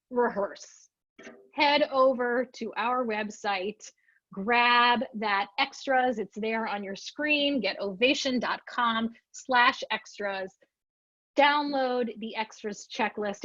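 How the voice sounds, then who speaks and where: A fairly high-voiced woman trainer tells a story with lots of energy, acting out her own reactions as she goes. Her voice comes through a dry, muffled video-call microphone. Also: dry recording. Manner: lively, expressive, acts out her own lines. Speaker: storytelling trainer presenting a webinar. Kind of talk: animated storytelling presentation.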